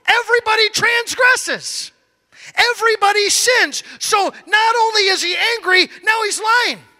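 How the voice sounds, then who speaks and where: A man preaching a sermon, moving from loud shouted lines to quiet low asides. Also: big-room sound.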